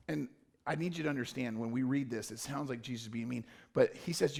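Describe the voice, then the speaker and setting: A male pastor with a fairly high, gravelly voice and a husky edge, preaching in a loose, conversational way. He jokes and drifts into informal asides as he retells the story. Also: expressive, brisk. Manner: informal, joking, rambling asides. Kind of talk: casual conversational sermon. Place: church.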